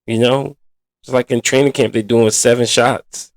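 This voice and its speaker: A man's voice: mid-range voice, steady tone, normal speed, no echo. A man hosting a sports podcast in a casual, blunt and exasperated manner, full of colloquial slang. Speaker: podcast host.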